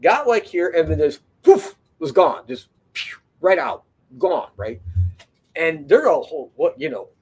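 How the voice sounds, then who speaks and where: Husky, rambling storyteller man. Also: a little high, sing-song, a little slow. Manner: rambling, profane, lots of fillers and restarts. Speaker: podcast host. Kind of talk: casual storytelling.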